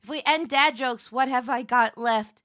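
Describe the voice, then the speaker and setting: A woman streamer chatting casually and joking, swinging between loud squeals and quiet murmurs. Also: high-pitched, moderate pace, dry recording, clean studio sound. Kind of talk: casual live-stream chat.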